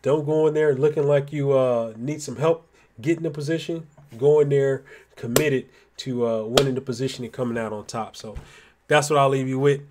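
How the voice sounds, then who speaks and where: A man's voice: mid-range voice, fairly even intonation, normal speed, a little mellow, slight background noise. Laid-back man giving pep talk. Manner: motivational, laid-back slang. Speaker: co-host. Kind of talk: casual live-stream chat.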